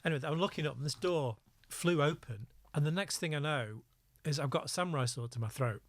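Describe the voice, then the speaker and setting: On a podcast interview, this middle-aged ex-undercover cop speaks a little high and fairly quickly, recounting lively stories and chuckling at them himself, with no room sound.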